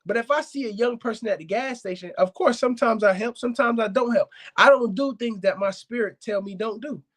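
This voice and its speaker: A man hosting a casual live-stream chat about his dogs, animated and preachy, often calling out to viewers. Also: very high voice, brisk. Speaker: dog kennel owner hosting a live talk show.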